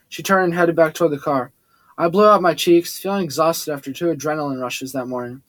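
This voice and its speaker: A man reading a first-person story aloud, steady with occasional slips and restarts. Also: on the high side, a little fast, no room sound. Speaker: audiobook narrator. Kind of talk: first-person audiobook narration.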